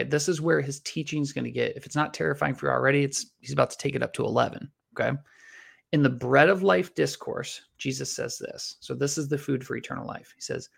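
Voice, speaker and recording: A man with a heavily gravelly, fry-laden voice teaches a Bible passage. He reads scripture aloud slowly and deliberately, then speeds up when he explains it. His tone stays earnest and his pitch sits in an ordinary middle range. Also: fairly bright tone.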